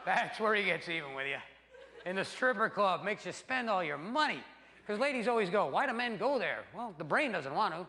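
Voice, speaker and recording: A man doing a stand-up routine, animated and crude, acting out voices for his punchlines on a live stage. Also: high voice, brisk. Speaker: stand-up comedian. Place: theater stage before a laughing audience. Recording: live stage with long reverb and loud noise.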